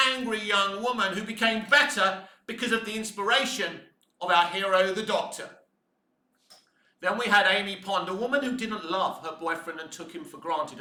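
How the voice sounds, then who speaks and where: A man delivering a profane, ranting video commentary, swinging between low muttering and shouting. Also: reverberant. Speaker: fan commentator.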